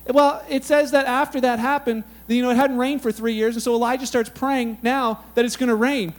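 A man preaching a sermon in a casual, animated, conversational way, telling Bible stories with lots of "like" and "you know". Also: very high voice, fairly quick. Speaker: pastor.

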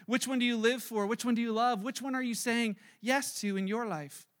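A man preaching to his congregation in a very high, bright voice that carries plenty of force. He preaches in an animated way and slips into playful voices to act out everyday scenes. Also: brisk. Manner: animated, acts out everyday scenarios in little voices. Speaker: pastor. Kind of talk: sermon. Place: church service.

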